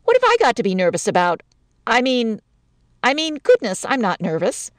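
A woman's voice: on the high side, wildly swooping pitch, normal speed, no room sound. A woman reading a story, voicing a touchy young newlywed bride who rambles through wounded, sarcastic complaints. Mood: flustered.

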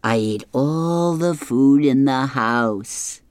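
A reader voicing a lazy, greedy male cartoon cat in a slow, smug comic-strip reading. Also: medium pitch, smooth, dry recording, studio quality, natural voice.

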